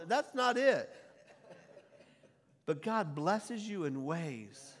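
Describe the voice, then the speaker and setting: A middle-aged male pastor preaching to a congregation, rising into loud scripture quotes and dropping back to conversational asides. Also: fairly high pitch, very animated, slow, long pauses. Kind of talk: sermon. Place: church sanctuary before a congregation. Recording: long hall reverb.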